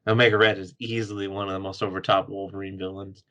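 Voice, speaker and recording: A man's voice: deep voice, flat delivery, fast talker, pushed and bright. A man co-hosting a podcast, chatting casually about comics and laughing often. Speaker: podcast co-host. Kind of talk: casual comic book chat.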